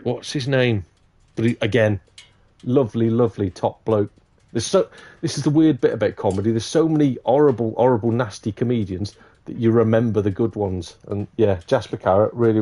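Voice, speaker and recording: A man's voice: medium pitch, mellow. A man hosting a live stream, chatting casually and rambling, swearing freely. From Shropshire, England. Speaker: livestream host.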